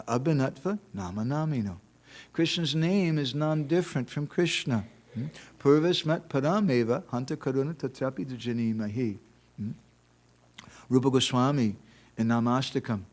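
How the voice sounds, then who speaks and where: A man giving a devotional lecture at a temple, conversational and telling stories, often asking rhetorical questions. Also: mid-range voice. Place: temple hall.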